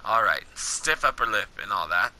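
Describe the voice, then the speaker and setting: Guy reading a polite fighter who calms you down, plain read, bright voice. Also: on the low side, normal speed, a little hiss or hum, pitched below the performer's own voice, exaggerated voice, low-quality recording.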